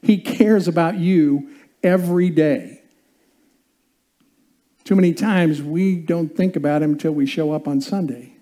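A man's voice: fairly high pitch, measured pace, pauses often, warm tone. A male pastor preaching a sermon in a conversational way, often asking the congregation questions.

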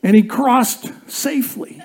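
Animated preacher telling a funny story. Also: measured pace, husky. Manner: animated storyteller, chuckling through the tale; drops low and quiet for serious points. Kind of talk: sermon with a humorous personal story.

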